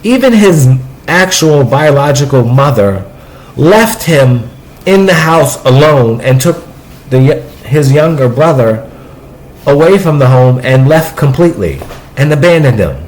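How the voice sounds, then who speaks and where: A man speaking in a personal, confessional vlog, in a halting way with restarts and trailing asides. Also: medium pitch, animated, darkish tone, poor audio. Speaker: vlogger.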